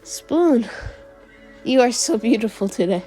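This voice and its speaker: A woman's voice: fairly high pitch, lively intonation, a little slow, mellow, faint music behind. A woman doing Deku, a smug spoon-loving boy. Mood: doting. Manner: upbeat, self-satisfied and dreamy. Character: cheerful smug teenage boy hero obsessed with spoons.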